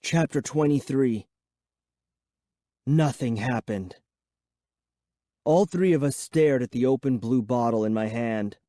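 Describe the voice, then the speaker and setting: A man narrating a children's horror audiobook in first person with a measured, suspenseful reading. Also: mid-range voice, dark tone, dry recording, studio quality.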